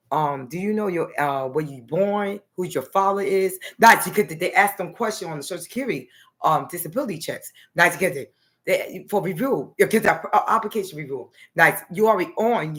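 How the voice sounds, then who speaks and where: A woman from New Jersey talking in a loose, rambling personal monologue to the camera, dotting her talk with "okay" and "nice". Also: low-pitched. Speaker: vlogger.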